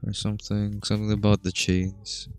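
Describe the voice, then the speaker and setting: A man with a fairly low voice co-hosting a casual podcast. He jokes around loosely and stumbles through his questions. The mic is dry and close, with faint music underneath. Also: completely flat delivery, no echo. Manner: loose, joking, halting questions. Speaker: podcast co-host. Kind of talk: casual chat.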